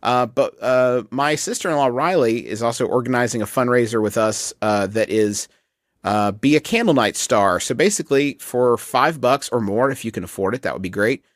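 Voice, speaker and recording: Male comedy podcast co-host, middle pitch, dry sound, meandering sincere talk. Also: moderate pace, no echo. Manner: meandering, earnest asides. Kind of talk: casual comedy podcast banter.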